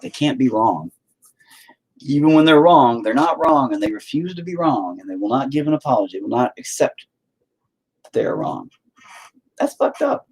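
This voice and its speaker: A man's voice: medium pitch, a little mellow, husky, poor audio. A man giving a casual, rambling monologue, emphatic and heavily profane.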